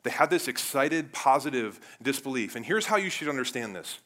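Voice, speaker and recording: A man from Cleveland preaching a sermon in a casual, animated way, moving between loud bursts and quiet asides. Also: mid-range voice, brisk. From Cleveland, United States. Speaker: pastor.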